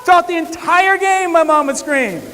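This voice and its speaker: A man quoting a young woman as she fondly recalls her mother, slow and earnest. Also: extremely high pitch, pushed and bright, a little hiss or hum, pitched above the performer's own voice. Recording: long hall reverb.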